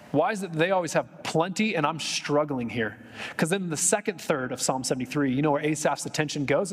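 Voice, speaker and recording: Man, pastor, sermon, husky, casual asides, impassioned emphasis, church hall with long echo. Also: fairly high pitch. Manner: conversational, joking asides, rising to impassioned emphasis. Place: church sanctuary.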